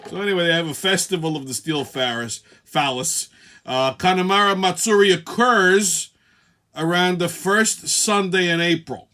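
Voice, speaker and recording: Male comic host, bright tone, somewhat high; profane, laughs at own bits. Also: moderate pace. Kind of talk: comedic monologue podcast.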